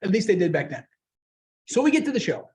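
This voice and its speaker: High-voiced man telling lively stories. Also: quick pace, a little hiss or hum. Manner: lively anecdotal storyteller who acts out quoted people. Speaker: guest speaker. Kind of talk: storytelling speech at a club meeting. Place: meeting room.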